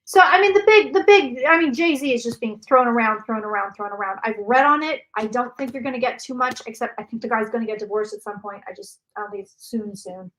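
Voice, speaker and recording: A woman's voice: on the high side, a little fast, few pauses, fairly bright tone, rough recording. A woman hosting a casual psychic livestream from home, chatting loosely, repeating herself and answering viewer questions. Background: dog barking.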